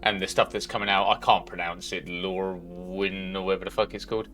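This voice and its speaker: A man's voice: sits low, level tone, fairly quick, fairly bright tone, faint music behind. A man livestreaming a game, chatting casually in a rambling, sweary way at a home desk mic. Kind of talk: casual chat while gaming.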